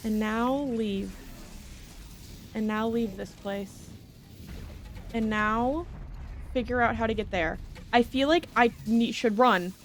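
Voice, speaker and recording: High-voiced woman streamer narrating her game. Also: slight background noise. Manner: dramatic, talks to herself and the game; reads in-game text aloud haltingly. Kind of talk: live game commentary.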